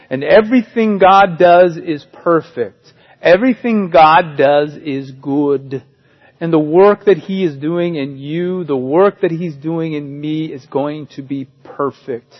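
Higher-voiced man preaching, lo-fi. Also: unhurried. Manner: conversational, joking asides. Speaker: pastor. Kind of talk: sermon.

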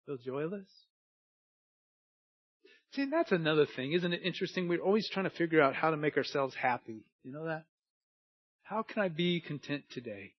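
A man preaching a sermon earnestly, moving between hushed and emphatic delivery, on a dull lo-fi recording. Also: fairly high pitch, animated, normal speed, pauses often, no echo.

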